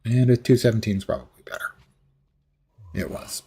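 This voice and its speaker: A man's voice: on the low side, fairly quick, mellow, breathy edge. A sleepy man streaming a game, rambling with wry, sarcastic asides and yawning often. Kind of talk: casual commentary while gaming.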